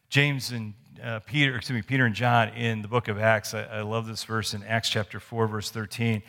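A man's voice: lowish voice, level tone, moderate pace, gravelly, few pauses, bright, forceful tone. A man preaching a sermon as pastor, conversational and storytelling, with restarts and asides. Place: church sanctuary. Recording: long church hall reverb.

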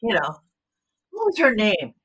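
An American woman, middle-aged, telling stories as an actor guest in a casual interview, animated and quick to laugh. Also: mid-range voice, husky. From United States. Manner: animated storyteller, laughs easily.

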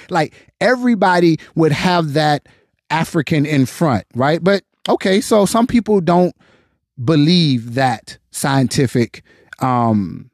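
A man's voice: a little high, darkish tone, no room sound, studio quality. An American man in his forties giving his opinion in casual commentary, passionate and full of rhetorical questions. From United States. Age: 40s.

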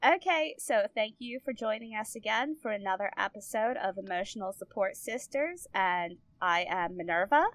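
A woman's voice: mid-range voice, expressive, normal speed, few pauses, fairly bright tone. A young adult woman hosting a podcast in casual chat, talking loosely with many fillers and frequent laughs. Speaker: podcast co-host.

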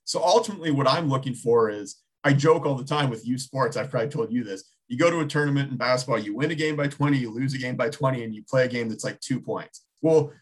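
Husky man rambling through sports talk. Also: mid-range voice, quick pace, few pauses. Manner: rambling, many restarts, thinking aloud. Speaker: sports talk show co-host.

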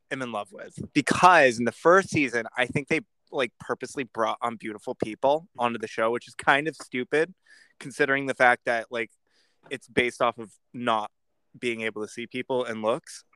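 A man co-hosting a casual podcast chat, talking in animated bursts and laughing often. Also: normal speed, clean tone, no room sound. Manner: lively, laughing often, animated swings in pitch. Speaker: podcast co-host.

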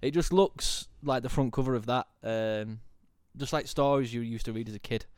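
A man's voice: mid-range voice, normal speed, clean tone, no echo, clean studio sound. A man with a Northern English accent, co-hosting a podcast in casual chat, joking and laughing often. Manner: jokey, laughs a lot. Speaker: podcast co-host.

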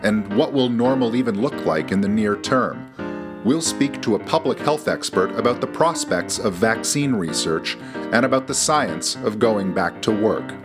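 A man hosting a podcast, reading a scripted narration with a dry, wry delivery. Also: mid-range voice. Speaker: podcast host.

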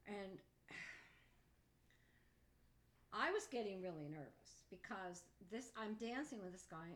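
An older woman being interviewed by her daughter, telling a story from her college years in a lively, quoting way. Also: medium pitch. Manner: storytelling, animated quoting, laughs easily. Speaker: guest, interviewee's mother.

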